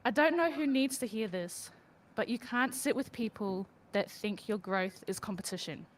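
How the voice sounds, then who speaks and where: A high, lively woman chatting on a podcast, quick to giggle and break into laughter. Her pitch swings widely as she talks. Faint background noise sits under her voice. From Australia. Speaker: podcast co-host. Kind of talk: casual podcast chat.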